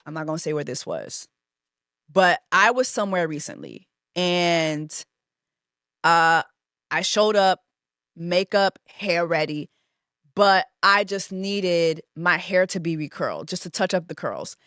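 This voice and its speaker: A woman hosting a podcast, telling a story in a casual, animated and profane way. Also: on the low side, a little slow, no echo, studio quality. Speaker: podcast host.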